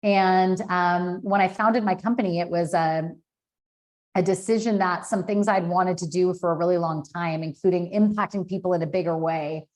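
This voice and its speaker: A woman's voice: fairly low pitch, fairly even intonation, moderate pace, a little mellow. A woman in her thirties, a podcast guest, telling a personal story in a candid, emotional way with many fillers. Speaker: podcast guest, business founder.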